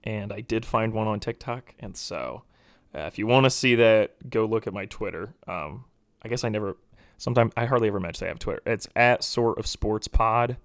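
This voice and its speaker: A young man with a somewhat low voice talks through a casual solo sports podcast, rambling from point to point with animated swings. The sound is close and dry, with no room around it. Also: normal speed, dry recording. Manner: rambling, animated, mocking impressions of pundits. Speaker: podcast host.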